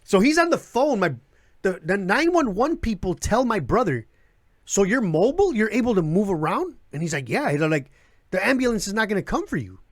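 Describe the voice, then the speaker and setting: A man's voice: high voice, brisk, no room sound. A man from the south side of Chicago, a comedian telling wild stories in casual, profane chat and acting out the voices of the people in them. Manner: animated, acts out quoted voices, laughs through stories. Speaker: guest comedian. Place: live show venue.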